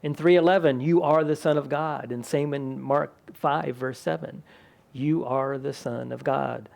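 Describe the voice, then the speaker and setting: Gravelly-voiced pastor preaching a sermon. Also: male voice, medium pitch, unhurried. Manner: conversational, animated when quoting scripture voices. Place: church sanctuary.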